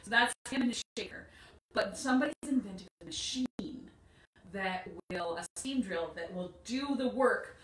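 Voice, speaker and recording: A woman's voice: medium pitch, moderate pace, reverberant, rough recording. A woman hosting a children's storytime, singing songs, reading poems and playing up sound effects. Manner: animated, sings and chants with sound effects.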